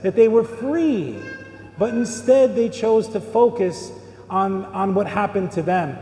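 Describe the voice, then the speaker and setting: A man's voice: high-pitched, mellow. A middle-aged man, a priest, preaching a sermon in a church in a conversational way, full of rhetorical questions. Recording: echoey church hall with long reverb.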